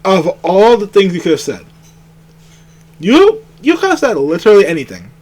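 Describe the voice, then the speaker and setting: High-voiced incredulous game streamer. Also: male voice, wildly swooping pitch, moderate pace, a little mellow, poor audio. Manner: incredulous, slangy. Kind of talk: casual let's play commentary.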